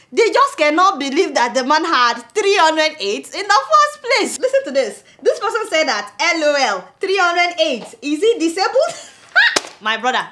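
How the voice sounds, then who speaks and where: A Nigerian woman hosts a commentary show with a high, lively voice that swoops up and down. Her tone is bright and forceful, and she is outspoken and sarcastic, often laughing as she talks. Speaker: show host.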